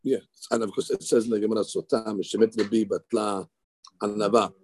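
A man teaching Talmud in a lively study session, mixing Hebrew terms into his English. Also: on the low side, fast, a little hiss or hum. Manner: animated, excitable, mixes Hebrew terms into English.

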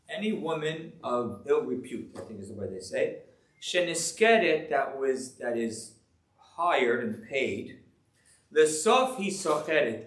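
A man speaking as a rabbi, giving a sermon to a live audience in an animated, joking, rhetorical way. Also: mid-range voice, recorded from a distance. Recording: echoey room.

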